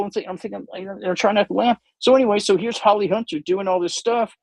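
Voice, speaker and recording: A man's voice: high voice, expressive, fairly quick, few pauses, no room sound, poor audio. A man hosting a livestream, painting while he chats in a rambling, self-interrupting, jokey way. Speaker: livestream host painting models. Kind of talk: casual rambling chat.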